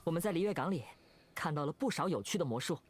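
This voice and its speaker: A cheerful young stage magician from a video game, friendly and animated, as a woman acts the part. The voice sits low and swings widely in pitch. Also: quick pace, breathy edge. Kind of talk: game dialogue.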